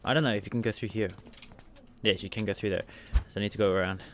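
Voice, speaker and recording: A man's voice: on the low side, fairly even intonation, fast talker, slight background noise. A man commentating a video game as he plays, narrating every move, spelling out letters and repeating himself. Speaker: let's play gamer.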